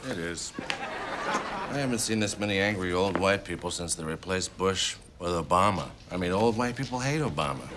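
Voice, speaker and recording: A low, sarcastic boss. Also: male voice, animated, moderate pace, very noisy. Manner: blunt, sarcastic scolding. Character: blunt male radio boss, sarcastic. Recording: sitcom soundtrack with audience laughter.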